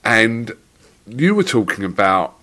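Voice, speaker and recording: Low-voiced man telling a story with banter. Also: slow. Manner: lively storytelling, banter, swearing. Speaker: podcast host. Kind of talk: casual chat.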